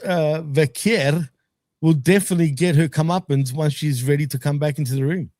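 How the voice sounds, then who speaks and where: A man's voice: on the high side, normal speed, darkish tone, no room sound, clean studio sound. A man from Australia with an Australian accent, co-hosting a casual review show in a laid-back way. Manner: laid-back, laughs easily, hedging fillers. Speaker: co-host. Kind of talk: casual wrestling review chat.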